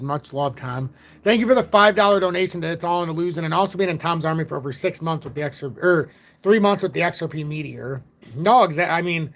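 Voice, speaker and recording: A middle-aged man with a fairly high voice hosts a casual livestream. He rambles in a blunt, chatty way, swearing now and then and thanking viewers by name. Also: creaky, fairly bright tone. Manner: rambling, blunt, swears, reads donations aloud. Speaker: crypto livestream host.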